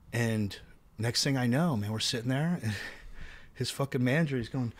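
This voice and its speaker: A man telling animated, profane tour stories in a casual chat. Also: mid-range voice, brisk. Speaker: guest musician.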